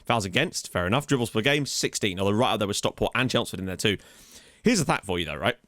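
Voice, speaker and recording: A man's voice: lowish voice, expressive, fast talker, fairly bright tone, no echo, clean studio sound. A man hosting a football management game let's play, chatting casually and thinking aloud as he reads through stats, easily amazed.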